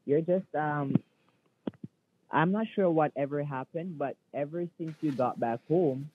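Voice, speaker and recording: A man's voice: a little high, measured pace, a little hiss or hum, lightly acted. A man playing a defensive male call-center manager, lecturing with many fillers over the phone. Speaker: phone scammer. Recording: tinny phone line.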